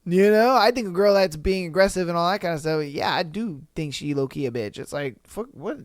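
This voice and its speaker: Guy hosting a podcast, kinda high smooth voice, blunt and sweary, keeps going "you know what i mean". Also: fairly quick, no echo, clean studio sound. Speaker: podcast host. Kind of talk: casual chat reacting to listener comments.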